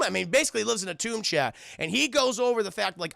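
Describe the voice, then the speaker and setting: A man's voice: high voice, animated, quick pace, gravelly, few pauses, pushed and bright, dry recording, clean studio sound. A man reviewing a cartoon on a live stream, rambling and profane and constantly addressing his chat. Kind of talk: live-stream episode recap.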